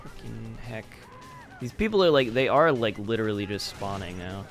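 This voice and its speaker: Low, gravelly young gamer man. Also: expressive, normal speed, faint music behind. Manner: grumbling about the game, laid-back. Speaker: player in a game playthrough. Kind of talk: casual gaming chat.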